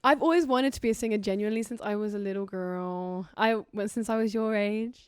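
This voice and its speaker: A woman's voice: mid-range voice, clear, resonant tone, no echo. British woman, casual guest chat, self-deprecating, trips over her words, dry close sound. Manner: chatty, self-deprecating, with quick restarts. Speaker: guest singer.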